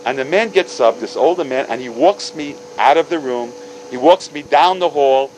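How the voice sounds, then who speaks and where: A man in his fifties telling stories to a religious audience, animated, acting out dialogue with big jumps in pitch and sprinkling in Hebrew and Yiddish words. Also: normal speed, a little hiss or hum, low-quality recording. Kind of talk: storytelling talk.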